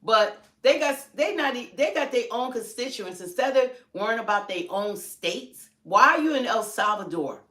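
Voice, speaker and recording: A woman's voice: on the high side, expressive, moderate pace, hardly any pauses, a bit bright. A woman co-hosting a livestream with opinionated political commentary. She is emphatic and keeps firing rhetorical questions. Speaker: livestream co-host. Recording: roomy echo.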